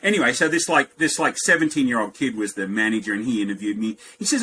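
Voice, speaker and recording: A man in his fifties with an Australian accent, a podcast guest telling lively anecdotes and jumping up in pitch for quoted lines. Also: quick pace, slight background noise, rough recording. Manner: animated anecdotes, jumps high for quoted lines. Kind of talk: storytelling in a podcast interview.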